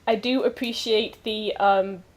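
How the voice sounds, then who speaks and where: A woman's voice: mid-range voice, fairly even intonation, unhurried, a loud crowd. A woman running a tabletop game, bantering playfully with her players in casual chat.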